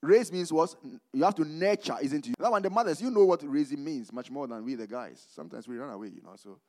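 A man from Ghana preaching a sermon as a pastor, calling for the congregation to finish his phrases and moving between loud proclamation and quiet asides. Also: expressive, fast talker. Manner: call-and-response preaching, asking "what?" for the congregation to finish; swings between loud emphatic proclaiming and low conversational asides.

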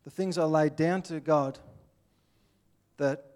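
A man's voice: on the high side, steady tone, takes it slowly, a little mellow. Earnest Australian man preaching. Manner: earnest, plainspoken, acts out little scenes. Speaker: pastor. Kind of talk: sermon.

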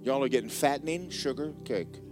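A man's voice: medium pitch, a little fast, a little mellow, soft background music. A man preaching a sermon as pastor, folksy and joking, repeating words for effect.

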